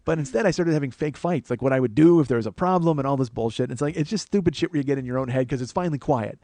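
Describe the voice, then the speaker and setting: A man's voice: medium pitch, rapid-fire, dry recording. A man in his forties, a comedian and podcast host, telling a profane, exasperated comic story in a casual monologue. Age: 40s. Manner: profane, exasperated, animated retelling.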